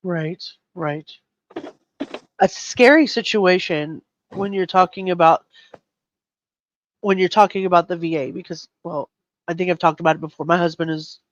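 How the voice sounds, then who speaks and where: A man hosts a live true crime chat in a slightly high voice. He is earnest and openly upset, tripping over his words as he goes. The sound is dull and dry. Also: dry recording. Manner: earnest, emotionally shaken, stumbling over words. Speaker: host.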